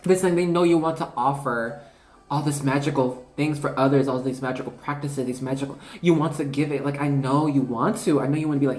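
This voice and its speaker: Chatty, excitable woman reading cards, echoey room. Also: extremely low pitch, a little fast. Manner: chatty, excitable, trailing off and correcting herself mid-thought; addresses viewers casually as y'all. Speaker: tarot reader. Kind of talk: intuitive card reading to camera. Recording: echoey room with faint music.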